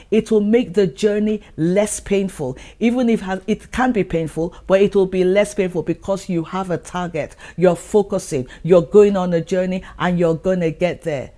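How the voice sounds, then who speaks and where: A woman's voice: mid-range voice, moderate pace, hardly any pauses, mellow. A woman hosting her own channel, giving an earnest motivational talk and repeating her points for emphasis. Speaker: channel host.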